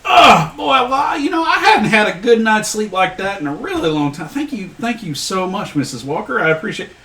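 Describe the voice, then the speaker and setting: A man voicing a gruff, sheepish middle-aged man with a thick Appalachian accent, drawling and complaining. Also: high voice, big pitch swings, normal speed, bright, forceful tone, roomy sound, recorded from a distance, pitched above the performer's own voice, heavily acted.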